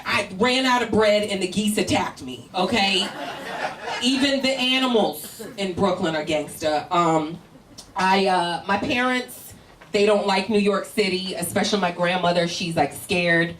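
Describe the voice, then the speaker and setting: A woman's voice: mid-range voice, a little slow, a bit bright. A woman from Northern Virginia doing stand-up comedy, teasing audience members in a brash, laughing way. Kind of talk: stand-up crowd work. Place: comedy show in a tent with a live audience. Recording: roomy live sound from a distant mic, crowd noise.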